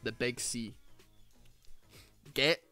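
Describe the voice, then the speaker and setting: A man's voice: mid-range voice, fairly even intonation, extremely slow, bright, forceful tone, soft background music. A young man with a Glaswegian Scottish accent, chatting casually while playing a game, rambling with lots of "like", "man" and "dude". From Glasgow, Scotland. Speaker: streamer. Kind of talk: casual chat while gaming.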